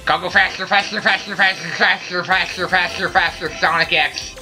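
A man playing a video game and commenting, ranting loudly at his teammates in a put-on silly voice. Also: sits high, fairly even intonation, brisk. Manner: loud, frustrated ranting at teammates. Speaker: let's play gamer. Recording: faint game music behind. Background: game music.

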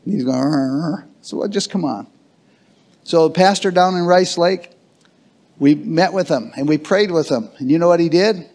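A male pastor preaching to his congregation in a church, with a voice pitched a little high. He drives his points hard and keeps asking the room for an amen. His delivery is fervent and insistent. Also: normal speed, darkish tone. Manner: emphatic preaching with call-and-response to the congregation. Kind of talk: sermon. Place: church sanctuary.

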